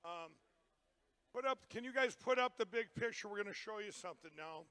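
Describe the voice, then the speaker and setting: A man hosting a live event, talking to the crowd in a rambling, excitable and pointed way. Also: high voice, brisk, smooth. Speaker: event host. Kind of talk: live presentation to an audience.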